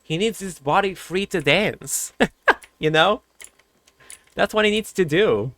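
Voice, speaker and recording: A man streaming a video game, chatting casually and excitably, cooing fondly at animals and laughing often. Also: high-pitched, takes it slowly. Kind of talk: casual gameplay commentary.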